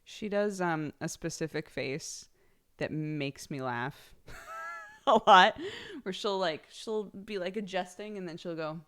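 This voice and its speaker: A woman's voice: on the low side, takes it slowly, fairly bright tone. A young woman livestreamer chatting casually with her viewers. She is bubbly and giggly, and she thanks subscribers by name. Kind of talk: casual chat with live viewers.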